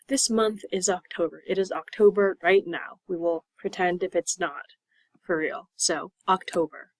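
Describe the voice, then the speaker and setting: Woman ESL teacher, patient, slow repetitions, dry close sound. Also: fairly low pitch, dry recording, rough recording. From Pennsylvania. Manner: patient, drawn-out repetition of words. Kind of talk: slow, clear classroom explanation.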